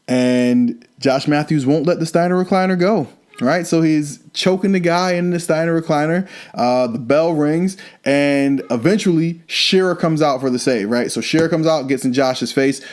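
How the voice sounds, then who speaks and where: A man's voice: fairly high pitch, normal speed, darkish tone. A man hosting a wrestling podcast, casually recapping a show in a loose, chatty way with lots of fillers and asides.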